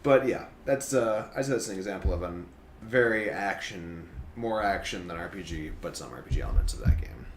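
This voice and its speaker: A man's voice: low voice, fairly quick. A man co-hosting a podcast, chatting casually and animatedly about games and laughing often. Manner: animated storyteller who laughs and puts on silly voices. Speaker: podcast co-host. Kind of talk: casual chat. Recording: roomy echo with faint ambient noise.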